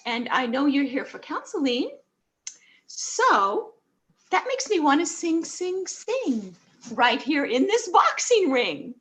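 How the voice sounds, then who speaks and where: A woman's voice: high-pitched, big pitch swings, slow pace, a bit bright, exaggerated voice. A woman playing a rhyming storybook-style therapist in an improv scene over a video call, with a sing-song delivery.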